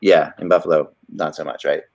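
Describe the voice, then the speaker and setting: A man's voice: very deep voice, little pitch movement, fairly quick, creaky, darkish tone. A man hosting a casual hockey podcast, talking in rambling, restarting sentences. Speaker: podcast host.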